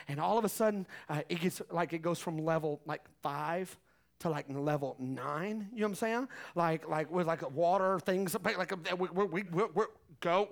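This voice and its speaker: A middle-aged man preaching a sermon, telling stories in an animated way with laughs and acted-out voices. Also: high-pitched. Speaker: pastor.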